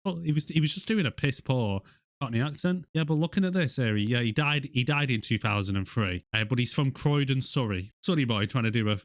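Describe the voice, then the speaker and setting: A man's voice: mid-range voice, fairly quick, dry recording, clean studio sound. A man from Britain, co-hosting a casual movie review podcast, laughing often and keeping it loose. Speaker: podcast co-host.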